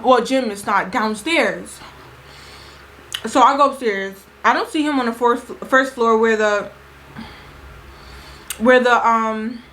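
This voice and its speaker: A young woman with a slightly high voice tells a party story on her storytime vlog, chatty and full of slang, acting out what everyone said. The recording is rough, with a bit of background noise.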